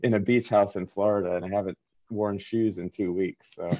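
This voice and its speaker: Laid-back man with dark, muffled voice. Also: on the low side, fairly even intonation, brisk, no room sound. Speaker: panel guest. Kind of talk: casual live stream chat. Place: beach house. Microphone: video call. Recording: muffled, dry call audio.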